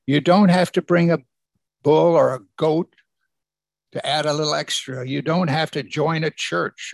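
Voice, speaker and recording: A man's voice: on the high side, creaky, no echo. A man preaching a sermon as pastor, emphatic and asking the congregation rhetorical questions.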